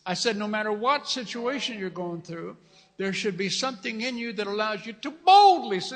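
A man's voice: high voice, animated, brisk, fairly bright tone. A middle-aged man preaching a fervent sermon as pastor, repeating his phrases and calling out hallelujahs. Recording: long reverb of a large hall.

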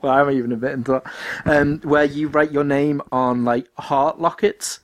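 A man's voice: fairly high pitch, fairly even intonation, normal speed, dry recording. A young man co-hosting a podcast, teasing his friend with laughs and interruptions. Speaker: podcast co-host. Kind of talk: casual chat.

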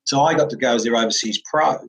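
A former cricketer from New Zealand with a New Zealand accent, telling animated stories as an interview guest, laughing often and acting out the voices of others. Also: male voice, medium pitch, fast, creaky, rough recording. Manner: lively, laughs often, acts out quoted voices. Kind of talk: animated storytelling.

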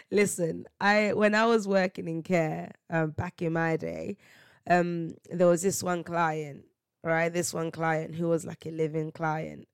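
Animated woman telling stories. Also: lowish voice, slow pace, clear, resonant tone, no room sound, clean studio sound. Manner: animated storytelling, slangy, laughs often, acts out quotes. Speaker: podcast host. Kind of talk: casual solo podcast monologue.

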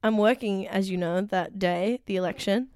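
A woman's voice: medium pitch, darkish tone, smooth, no room sound, studio quality. A woman co-hosting a podcast, chatting casually, asking curious and teasing questions. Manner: curious, teasing, quick to laugh. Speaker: podcast co-host. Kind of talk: casual chat. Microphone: studio podcast microphone.

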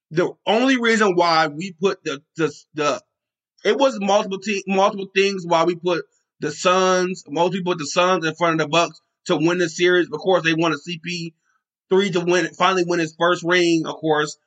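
A man on a sports podcast talks with open passion, piling on repeats and the odd curse word. His voice sits a bit high and comes across bright and forceful. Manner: passionate, emphatic, swears and repeats himself. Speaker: podcast host. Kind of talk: excited sports talk.

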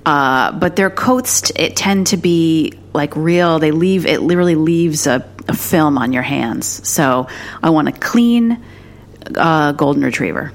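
Woman co-host, low voice, wry and profane, loose rambling banter. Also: lively intonation, unhurried. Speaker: podcast co-host. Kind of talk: casual chat.

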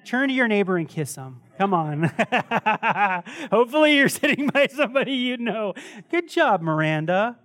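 High-voiced animated male pastor preaching. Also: measured pace. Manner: animated, laughing, repeats words when restarting. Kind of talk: sermon with closing prayer. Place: church service before a congregation.

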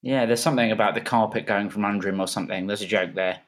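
Guy teasing on a footy podcast, lowish voice. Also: steady tone, very fast. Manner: wry, teasing. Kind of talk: casual football podcast chat.

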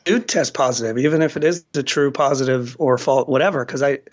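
A man's voice: mid-range voice, brisk, muffled recording. A man co-hosting a podcast in casual chat, rambling, swearing and laughing often. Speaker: podcast co-host.

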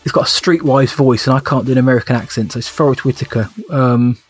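A man's voice: medium pitch, breathy edge, faint music behind. A man in casual podcast chat who talks hesitantly, with stops and restarts. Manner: hesitant, halting, laughs between tries.

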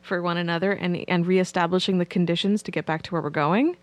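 A woman's voice: lowish voice, steady tone, fast. A woman psychotherapist, a podcast guest, candidly telling a story about her clients. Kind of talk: podcast interview.

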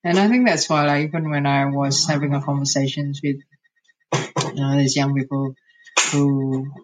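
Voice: mid-range voice, fairly even intonation, moderate pace, poor audio. An earnest, reflective speaker in a casual podcast conversation, often restarting sentences.

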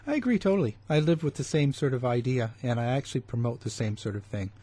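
A man's voice: medium pitch, animated, fast talker, dark tone, breathy edge. A man hosting a casual chat, speaking hesitantly with many fillers. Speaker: host.

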